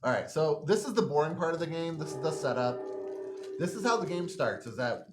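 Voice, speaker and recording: A man's voice: on the high side, expressive, fairly quick, music in the background. A man hosting a board game night, talking in a playful, joking way while setting up the game. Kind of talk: casual game-night chat. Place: live-stream studio.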